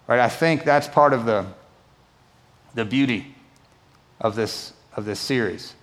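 A man preaching as a pastor, telling a Bible story in a conversational, animated way. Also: mid-range voice, a little slow, long pauses. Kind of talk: sermon. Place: church auditorium. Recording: echoey hall reverb.

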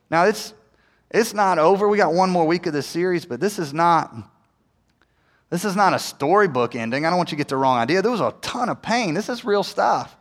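Animated preacher man in a reverberant hall. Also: high-pitched, fairly quick. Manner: animated storytelling, acting out characters' lines. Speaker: pastor. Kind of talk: sermon.

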